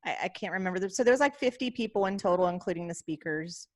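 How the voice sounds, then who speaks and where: A woman podcast co-host in casual chat, telling a story in an animated way and often quoting herself and others. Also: fairly low pitch, fast.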